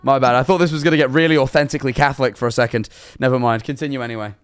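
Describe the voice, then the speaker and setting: A man's voice: mid-range voice, fairly even intonation, racing, smooth. A man streaming, playing a priest in a comedic role-play, joking and playful.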